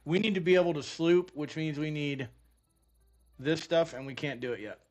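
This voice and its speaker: A man's voice: fairly high pitch, moderate pace. A man giving casual gameplay commentary, rambling and swearing freely as he talks himself through what to build next. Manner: rambling, profane, talks to himself while playing. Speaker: gaming streamer.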